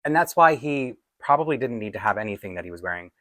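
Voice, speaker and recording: A man's voice: mid-range voice, expressive, fast talker, fairly bright tone, no room sound. A man, from Toronto, chatting casually in a rambling, self-deprecating way as a doll collector vlogger. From Toronto, Canada. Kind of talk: casual chat.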